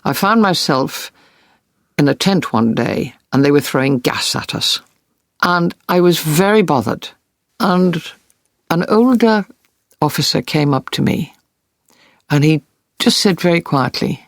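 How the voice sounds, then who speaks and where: A woman's voice: low voice, animated, a little slow, long pauses, no room sound. A woman war correspondent earnestly recounting vivid experiences in an interview. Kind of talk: interview storytelling.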